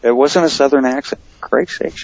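A man's voice: mid-range voice, moderate pace, gravelly, darkish tone, dry recording, highs cut off. A man hosting a casual wrestling podcast, brash and profane, teasing his co-hosts. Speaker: podcast host.

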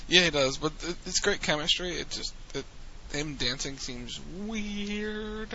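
A man's voice: on the high side, a little slow, pushed and bright, slight background noise. A man co-hosting a podcast, casually recapping events in a rambling way with restarts. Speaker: podcast co-host recapping wrestling. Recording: dull lo-fi sound with faint ambience.

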